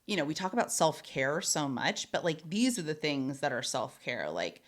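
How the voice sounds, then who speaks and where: A woman co-hosting a podcast, chatting casually in a lively way, laughing often and swearing casually. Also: deep voice, moderate pace. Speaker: podcast co-host. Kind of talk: casual chat.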